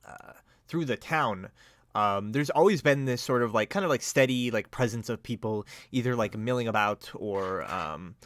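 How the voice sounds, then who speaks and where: A man's voice: medium pitch, normal speed, fairly bright tone, no echo. A man narrating a tabletop game as game master, hesitant and full of fillers.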